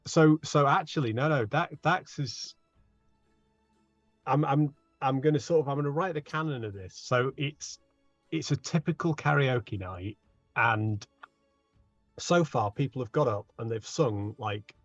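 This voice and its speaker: A man playing a tabletop game who narrates his character's antics in a lively way, laughing often. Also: mid-range voice, a little slow, no room sound, soft background music. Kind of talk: animated in-character storytelling. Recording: dull, dry home mic audio.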